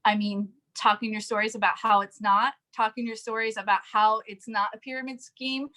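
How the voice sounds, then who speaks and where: A woman in casual chat, coaching on recruiting sales partners, animated and quick to laugh. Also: fairly high pitch. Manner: animated, laughs often, acts out quoted people. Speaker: network marketing coach.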